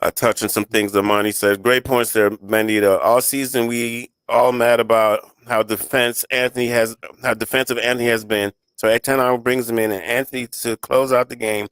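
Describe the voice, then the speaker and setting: Bright-voiced sports radio host. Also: male voice, medium pitch, flat delivery, normal speed, few pauses, smooth, dry recording. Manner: rambling, restarts mid-thought, reads listener comments. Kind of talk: casual sports talk.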